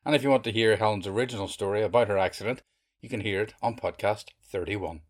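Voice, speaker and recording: A man's voice: fairly low pitch, quick pace. A man hosting a storytelling podcast, introducing the next teller in a friendly, upbeat way. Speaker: podcast host.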